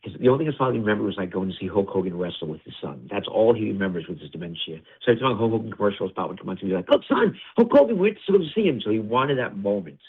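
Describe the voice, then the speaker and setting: Man guest, low-ish husky voice, rapid talker, phone-quality audio. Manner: fast, animated storytelling with many restarts. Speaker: interview guest, wrestling producer. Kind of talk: casual interview talk.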